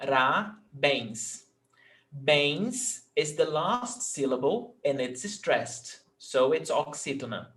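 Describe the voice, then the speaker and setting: A man's voice: a little high, very animated, slow, few pauses. A man teaching a live language lesson in English, patiently repeating each word for his learners. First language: Portuguese. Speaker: Portuguese teacher.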